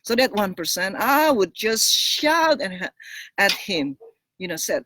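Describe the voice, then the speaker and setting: A woman who works as a relationship coach gives frank, blunt advice in a casual monologue, animated and laughing between points. She often repeats and restarts words, speaking at a medium pitch and a measured pace with no room sound.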